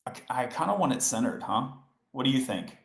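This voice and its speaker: A man's voice: mid-range voice, animated, a little fast, vocal fry. A man hosting a live coding stream, explaining each step in a chatty way and talking to his chat. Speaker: coding livestream host. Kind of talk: casual live coding tutorial. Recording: roomy echo.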